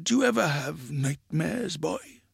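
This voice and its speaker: A man voicing an eccentric, sly old grandfather who shouts to imaginary horses. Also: a little high, sing-song, slow pace, creaky, no echo, clean studio sound, voice pushed up, full character voice. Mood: gruff. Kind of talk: dramatic story reading.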